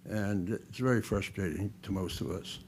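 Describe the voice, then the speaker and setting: A man's voice: sits low, normal speed, darkish tone, a little hiss or hum. A man from the audience asking a question at a panel, hesitating often with uhs. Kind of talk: question from the floor.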